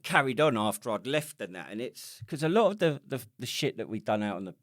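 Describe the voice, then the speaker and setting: A man's voice: mid-range voice, sing-song, brisk, no room sound, clean studio sound. A middle-aged man from England, co-hosting a podcast in sweary, rambling banter. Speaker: podcast co-host. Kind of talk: casual chat.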